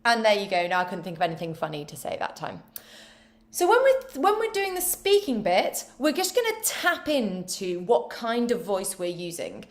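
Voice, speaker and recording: A woman leading an online choir warm-up, giving voice exercises with playful, self-mocking asides. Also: medium pitch, sing-song, normal speed. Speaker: choir vocal coach. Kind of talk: online vocal warm-up instruction.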